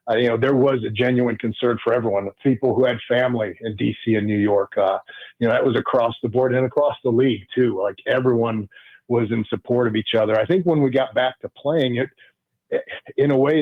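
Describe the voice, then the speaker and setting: Male guest on a dry, tinny phone line, earnest and halting, mid-pitched. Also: dry recording. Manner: earnest, halting, many restarts. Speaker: guest, former pro football player. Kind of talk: casual radio interview storytelling. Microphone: phone call.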